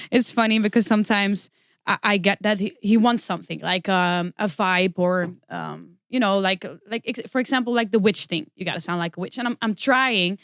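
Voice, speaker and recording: A woman guest vocalist chatting casually on a podcast, halting and self-deprecating, often restarting her sentences. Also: mid-range voice, a bit bright, no room sound, studio quality.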